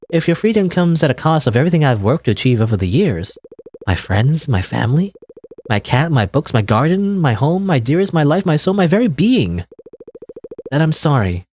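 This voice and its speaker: A man's voice: mid-range voice, animated, moderate pace, a little mellow, slight background noise, lightly acted. A man reading the lines of an earnest, polite young woman heroine in a game, apologetic and anxious.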